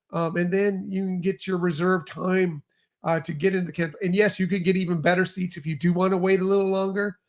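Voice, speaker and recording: Upbeat male podcast host, casual and chatty, with a high voice that has some gravel in it. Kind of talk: casual chat.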